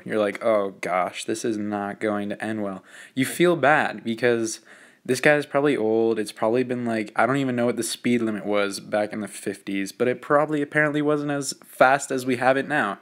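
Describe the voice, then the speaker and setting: Teenage boy, casual storytelling, rambling, lots of fillers, self-mocking jokes, mid-pitched voice. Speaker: student narrating a drawing video. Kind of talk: casual joking narration.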